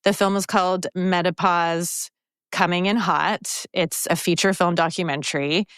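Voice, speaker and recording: A woman's voice: lowish voice, fairly even intonation, a little slow, a bit bright, clean tone, no echo, studio quality. Encouraging woman podcast host. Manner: upbeat, encouraging. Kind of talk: casual podcast chat and ad read.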